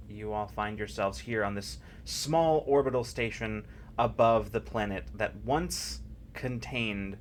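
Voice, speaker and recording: A man narrating a tabletop game as game master, in a halting, thoughtful way. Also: lowish voice, slight background noise.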